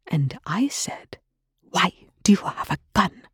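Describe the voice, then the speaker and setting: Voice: mid-range voice, big pitch swings, moderate pace, a little mellow, husky, no room sound, voice pushed up. A reader voicing a dry-witted, haughty male mathematician who talks in cutting, sardonic remarks, often in a harsh whisper. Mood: hissing.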